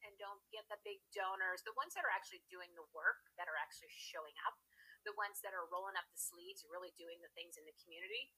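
A woman guest who runs her own radio show talks in a lively, up-and-down way. Her voice is bright and a little husky. She rambles through her explanations, laughing often. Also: medium pitch, poor audio. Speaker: guest, radio network host. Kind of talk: casual interview chat.

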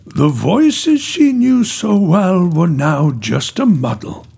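Gravelly guy telling a kids bedtime story, slow and really expressive. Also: high-pitched. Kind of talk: children's bedtime story narration.

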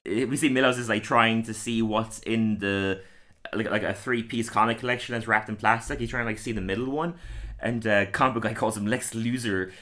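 Podcast host, man, bright tone, loose rambling recap full of fillers. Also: lowish voice, steady tone, a little fast. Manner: rambling, laughs often, many fillers. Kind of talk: casual chat recapping a cartoon episode.

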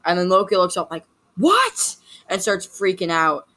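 A woman's voice: lowish voice, fairly even intonation, a little fast, a bit bright. A woman casually recapping a series, rambling, with constant "like" fillers and self-corrections. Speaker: video host recapping a series.

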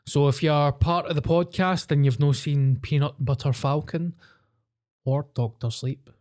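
A young Scottish man co-hosting a podcast, chatting eagerly about films. His tone is dark and mellow, and he keeps slipping friendly "mate"s into his casual talk. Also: a little high, fairly even intonation, measured pace. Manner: enthusiastic, says "mate" constantly. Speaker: podcast co-host. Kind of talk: casual chat.

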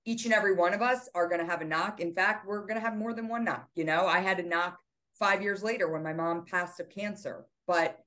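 A woman's voice: on the low side, brisk, pushed and bright. A middle-aged woman, a podcast guest and author, earnestly retelling a painful family loss with many fillers. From United States. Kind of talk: interview storytelling.

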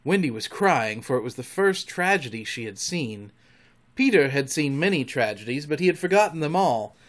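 A man reading a storybook aloud in an expressive, dramatic way. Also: on the high side, normal speed. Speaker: narrator.

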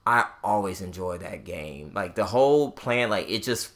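A young man hosting a podcast, telling a gaming story in a casual, animated way. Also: low voice, moderate pace. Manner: animated storytelling with acted-out quotes. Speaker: podcast host. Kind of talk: casual chat.

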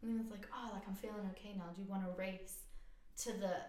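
A woman telling a story in casual chat, teasing and lively. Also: medium pitch, quick pace, roomy sound. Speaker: guest.

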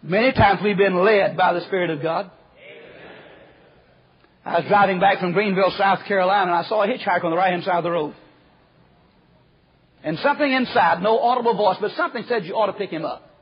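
A man preaching a folksy storytelling sermon, acting out the quoted voices and dropping to a hush at times. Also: sits high, brisk, long pauses, husky. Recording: muffled lo-fi recording.

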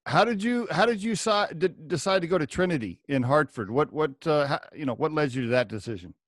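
A man's voice: a little high, lively intonation, fairly quick, a bit bright, dry recording. Interview host guy, friendly, laughs a lot, dry close mic. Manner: friendly, laughs often, short backchannels. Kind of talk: casual interview.

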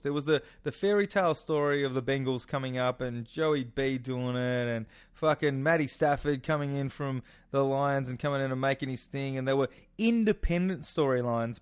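A man co-hosting a casual sports podcast, blunt and sweary, often saying "mate". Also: medium pitch. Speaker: podcast co-host.

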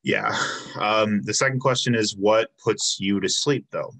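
A man's voice: on the low side, unhurried, fairly bright tone. A man hosting a casual interview show, asking questions with many "um"s and "uh"s. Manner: friendly, filler-heavy questions. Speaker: podcast host.

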